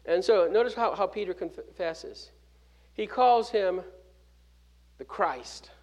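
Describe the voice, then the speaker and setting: A man preaching a sermon, stressing key words and dropping from loud to hushed, with restarts and 'uh' fillers. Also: high voice, slow. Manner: emphatic preaching with sharp swings from loud to hushed; fills gaps with 'uh' and restarts words mid-phrase. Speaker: pastor.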